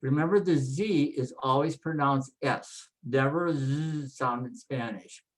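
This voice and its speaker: A man teaching Spanish pronunciation from slides, slowly repeating each word so learners can follow. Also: mid-range voice, low-quality recording. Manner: slow, deliberate, repeats words for practice. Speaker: Spanish instructor. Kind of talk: slide-based pronunciation lesson.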